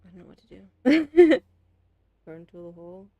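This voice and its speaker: A woman's voice: fairly high pitch, big pitch swings, moderate pace, warm tone, dull audio. A woman streamer playing a game, talking to herself in a chatty, casual way and laughing often.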